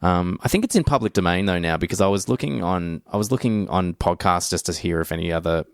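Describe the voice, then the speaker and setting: A man's voice: deep voice, fast, smooth, dry recording, studio quality. A man co-hosting a podcast, chatting casually and enthusiastically about a film, rambling with fillers and restarts. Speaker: podcast co-host. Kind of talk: casual movie chat.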